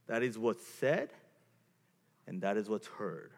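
A man's voice: lowish voice, slow pace, long pauses. A man giving a seminar talk to couples on marriage, speaking in an emphatic way and acting out examples. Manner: animated, emphatic, acts out examples. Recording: long hall reverb.

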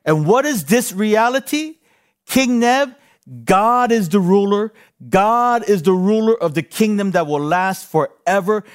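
Man, pastor, sermon, high voice, slow deliberate delivery, repeats phrases. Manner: animated preaching with repeated phrases and call-and-response.

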